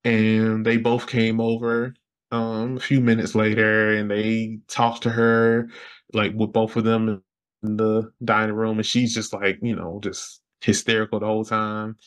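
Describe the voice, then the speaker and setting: A man as a podcast guest telling a personal story in casual interview talk, rambling with fillers and jumping high in pitch when he quotes others. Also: a little slow, smooth. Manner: animated, jumps high when quoting others.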